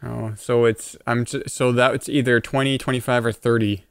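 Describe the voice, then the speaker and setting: A man's voice: medium pitch, flat delivery, normal speed, vocal fry, clear, resonant tone, no echo, studio quality. A man answering trivia questions in a casual podcast chat, laid-back and wry. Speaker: quiz contestant.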